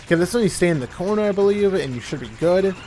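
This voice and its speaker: A man's voice: high voice, lively intonation, quick pace, warm tone, faint music behind. A young man giving casual, rambling commentary while playing a video game, often correcting himself mid-sentence. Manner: rambling, self-correcting, chatty. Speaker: gameplay commentator. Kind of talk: casual let's-play commentary.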